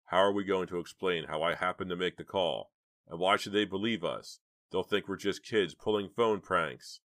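A man's voice: deep voice, moderate pace, a bit bright, no room sound, clean studio sound. A man voicing a stubborn, determined teenage boy who talks firmly and urgently in an audiobook. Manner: firm, urgent.

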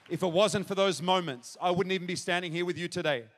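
High-voiced preacher in a hall. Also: male voice, quick pace, few pauses, some chatter behind. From Australia. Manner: storytelling, acting out dialogue, builds to shouted exclamations. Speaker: pastor. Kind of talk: testimony sermon to a live congregation. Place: large church hall at a revival event. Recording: live hall reverb.

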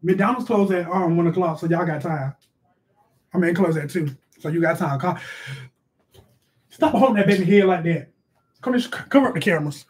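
A man's voice: high-pitched, natural voice. A man playing a bossy, sassy middle-aged mother who scolds her kids while hosting a live stream from a bedroom. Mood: chatty. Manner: scolding, brash, quick to snap at the kids. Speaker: live stream host reading donations. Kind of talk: comic live-stream character sketch. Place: bedroom at home.

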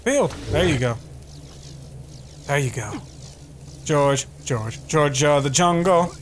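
A man doing live gameplay commentary, excitable and profane, trash-talking and yelling at opponents. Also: on the high side, slow pace, background noise. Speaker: gaming YouTuber. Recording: game music under the voice. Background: video game music and sound effects.

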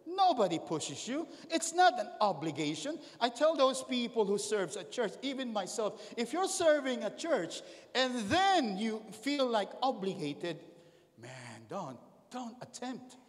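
Animated pastor preaching in a hall. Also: male voice, very high voice, unhurried. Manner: animated, calls out to the congregation with questions. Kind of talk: sermon. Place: church hall. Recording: long hall reverb.

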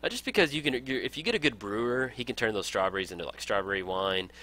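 Upbeat young man with a lively voice. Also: fairly low pitch, fast. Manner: upbeat, enthusiastic, laughs often. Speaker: gaming let's play host. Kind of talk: casual game tutorial commentary.

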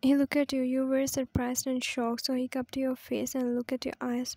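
A woman's voice: high-pitched, monotone, normal speed, hardly any pauses, a little mellow, dry recording. A woman reading a fan story aloud in a plain way, with small slips. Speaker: story reader.

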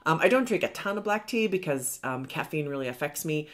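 A woman's voice: deep voice, lively intonation, brisk, a bit bright. A middle-aged woman hosting a makeup tutorial, chatting in a rambling, self-deprecating way as she works. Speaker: beauty vlogger.

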